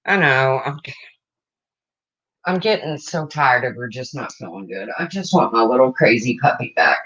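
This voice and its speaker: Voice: medium pitch, expressive, moderate pace, fairly bright tone, highs cut off. A livestream host in casual chat, rambling and breaking off to greet viewers, emotional and close to tears.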